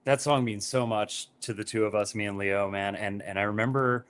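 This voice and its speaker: A man's voice: lowish voice, fairly even intonation, fairly quick, a bit bright, slight background noise. A man appearing as a musician guest on a video call, chatting casually, laughing often and telling heartfelt stories.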